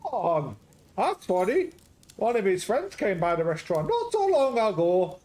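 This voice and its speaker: Guy doing a greek-scottish restaurant owner, high and loud, bouncy chatty voice. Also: wildly swooping pitch, measured pace, full character voice. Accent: put-on Greek-Scottish. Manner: chatty, warm, exclaiming. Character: cheerful middle-aged Greek restaurant owner, man. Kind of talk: reading game dialogue aloud.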